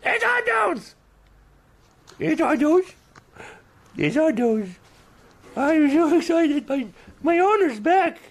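A man's voice: extremely high pitch, very animated, takes it slowly, long pauses, pitched above the performer's own voice, heavily acted. A man voicing an overjoyed pet that greets its returning owner in a frantic squeal.

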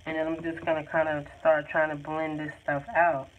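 A woman's voice: low-pitched, completely flat delivery, moderate pace. Chatty woman teaching painting over a tinny line. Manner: chatty, encouraging, loose and informal. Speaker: art tutor. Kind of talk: live painting tutorial. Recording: tinny phone-like sound, faint noise.

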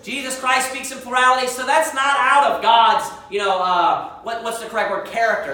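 Slightly high and fairly bright, this woman's voice carries a fervent sermon through a church sanctuary as she recites scripture in King James phrasing. The microphone sits at a distance, leaving the sound very echoey.

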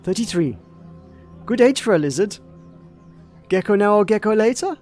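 A pushy market trader hawks geckos in short, eager bursts of patter, his voice lifted a little high, as a man puts him on. He talks with a bright push behind each line, like a stallholder in a game bazaar. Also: expressive, normal speed, soft background music. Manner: eager sales patter, clipped phrases.

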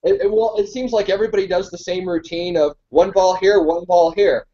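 A man hosting a live Q&A, talking in a halting way and searching for his words mid-sentence. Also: high voice, fairly even intonation, dark tone, highs cut off. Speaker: host. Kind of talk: live Q&A chat.

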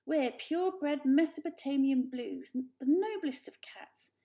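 A woman's voice: high voice, lively intonation, a little slow, gravelly, warm tone, voice pushed up, exaggerated voice. A woman voicing a smug, complacent aunt cat who speaks confidently. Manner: confident and dismissive.

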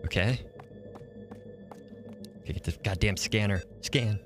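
A man's voice: lowish voice, a little slow, over music. A man streaming a horror game, reacting aloud in casual, profane commentary.

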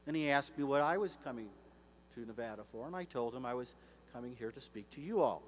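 A man in his sixties giving a formal commencement address as an author and speaker, measured and slowing down for emphasis. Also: medium pitch, expressive. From United States. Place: large hall. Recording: echoey hall, faint hum.

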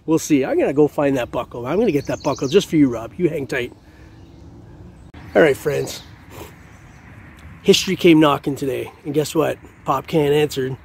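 A man's voice: on the high side, a little mellow, slightly rough. A middle-aged man vlogging his metal detecting finds in a chatty, upbeat way, laughing often. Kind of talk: casual vlog talk to camera.

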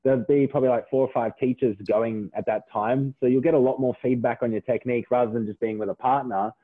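A man joining a casual podcast chat as a guest over a remote call, explaining things in a quick, casual way. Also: mid-range voice, steady tone. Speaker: podcast guest, business owner. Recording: tinny phone-like call audio.

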